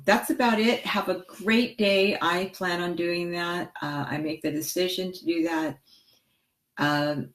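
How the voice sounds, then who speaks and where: A middle-aged woman with a low voice chats to her viewers in an excitable, goofy, rambling way. She speaks as a therapist, direct and informal. The sound is roomy, with plenty of echo around her. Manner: excitable, chatty, self-described goofball. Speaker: therapist vlogger. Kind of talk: casual vlog talking to viewers and live chat.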